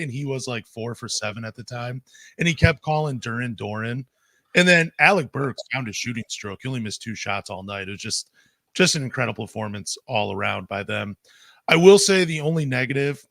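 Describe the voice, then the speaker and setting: A man co-hosting a basketball podcast, talking in an excitable, animated way that swings between loud bursts and quieter asides. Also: medium pitch, creaky, no room sound, studio quality. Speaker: podcast co-host. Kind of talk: casual sports podcast chat.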